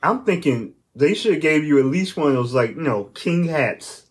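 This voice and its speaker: Animated man acting out chatty banter. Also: a little high, normal speed. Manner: animated, acts out imagined dialogue. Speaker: podcast co-host. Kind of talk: casual chat.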